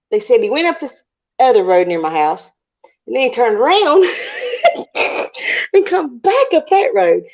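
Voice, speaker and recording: A woman with a drawl tells a story on a live talk stream, animated and quick to laugh, acting out her own reactions as she goes. The audio comes through a little muffled. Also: mid-range voice. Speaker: panelist.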